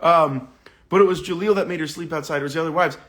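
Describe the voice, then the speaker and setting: Animated, slightly high-voiced male host. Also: fast. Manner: animated and indignant, casual swearing and slang. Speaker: book club host. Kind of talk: livestream book discussion, reading viewer comments aloud.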